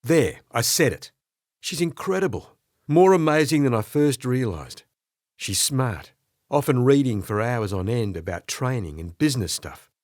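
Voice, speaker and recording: A man narrating an audiobook in the first person, expressive and storytelling. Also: mid-range voice, normal speed, no room sound, clean studio sound. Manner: expressive storytelling with character voices.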